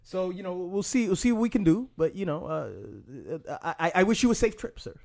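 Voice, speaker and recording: A young man hosting a podcast in casual chat, halting and stammering, with a teasing edge. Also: high-pitched, sing-song, vocal fry, darkish tone. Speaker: podcast host.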